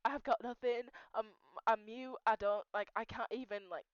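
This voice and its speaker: Young woman crying thru a rambly vent vlog, swears a lot, smooth voice, kinda dull lo-fi sound. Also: on the high side, steady tone, moderate pace, dry recording. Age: young adult. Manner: rambling, swears often, restarts sentences. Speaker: vlogger. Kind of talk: emotional personal vent.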